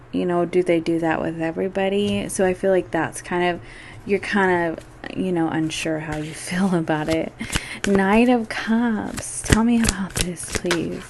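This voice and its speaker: Casting: woman tarot reader, easygoing chatty delivery, slow unhurried pace, faint ambient hum. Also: lowish voice. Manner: chatty, filler-heavy, addresses the listener directly. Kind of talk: casual monthly tarot reading.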